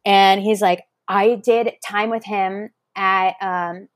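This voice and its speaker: Animated woman guest telling stories. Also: mid-range voice, slow, dry recording. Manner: animated storytelling, acting out quotes, swears freely. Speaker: podcast guest, reality show contestant. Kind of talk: casual chat.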